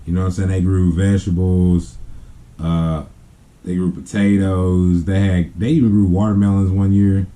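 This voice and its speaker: A man's voice: low-pitched, flat delivery, normal speed, mellow. A man telling a family story in a casual, rambling way. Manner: rambling, with many fillers and restarts. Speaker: family vlogger.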